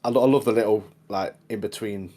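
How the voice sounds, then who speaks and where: A man co-hosting a podcast in casual chat, enthusiastic and halting, repeating words as he goes. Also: on the low side, steady tone, dark tone. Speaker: podcast co-host.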